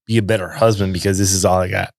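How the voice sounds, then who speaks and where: A man hosting a podcast, asking measured, thoughtful questions in a casual chat. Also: low-pitched, level tone, vocal fry, dry recording, studio quality. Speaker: podcast host.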